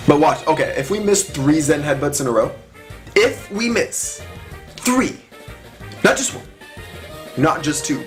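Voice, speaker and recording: An excitable young man talking through a match as he plays it, his voice sitting a little high for a man and swinging widely in pitch. Faint music runs quietly underneath his chatter. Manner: chatty and excitable, talks through every move. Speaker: gaming commentator. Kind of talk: live gameplay commentary.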